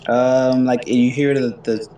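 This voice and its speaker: Man, game master, halting narration, lots of ums, echoey room, set back from the mic. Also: mid-range voice, flat delivery, dark tone, far from the mic, slight background noise. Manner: halting, many fillers, laughs often.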